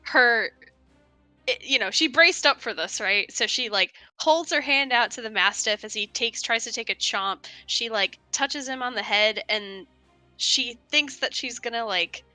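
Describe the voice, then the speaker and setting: Slow, bright-voiced woman tabletop player. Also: a little high, no room sound, soft background music. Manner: hesitant, full of "like" and "you know". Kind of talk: narrating a tabletop game character.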